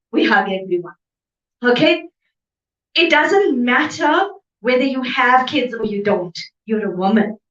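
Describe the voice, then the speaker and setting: Woman, higher voice, emphatic seminar speaker, distant mic in an echoey room. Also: fairly bright tone, lo-fi sound. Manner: emphatic, repeats okay for agreement. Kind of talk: motivational seminar talk. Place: seminar venue.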